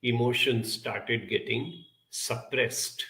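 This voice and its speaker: In a reflective, earnest talk, a medium-pitched man shares a childhood memory, keeping a measured delivery while stressing points with lively emphasis.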